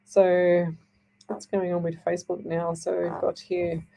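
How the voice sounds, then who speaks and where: A woman's voice: on the low side, monotone, unhurried, vocal fry, mellow. A middle-aged woman hosting a live psychic radio show, talking in a rambling, reassuring way and checking in with "okay?" as she reads. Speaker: psychic medium radio host.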